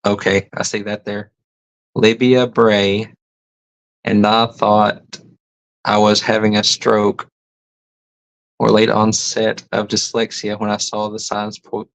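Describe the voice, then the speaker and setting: A man's voice: on the low side, completely flat delivery, unhurried, vocal fry, a bit bright, poor audio. A man hosting a casual livestream, reading chat comments aloud and musing over them. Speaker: host.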